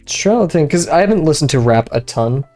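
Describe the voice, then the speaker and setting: A man's voice: fairly high pitch, animated, fairly quick, a little mellow, soft background music. A young man streaming from his bedroom, chatting loosely while he draws, rambling with fillers, restarts and frequent laughs. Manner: rambling, easily distracted, many fillers and restarts, laughs often. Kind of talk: casual chat while drawing. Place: bedroom at home.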